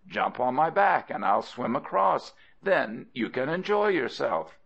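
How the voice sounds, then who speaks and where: A big, dim male crocodile from a storybook, coaxing and wheedling in a voice pushed up high, as a man reads him. The tone is gravelly and slow, and the recording sounds dull and lo-fi. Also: very animated, a bit bright, full character voice. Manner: wheedling, sweet-talking.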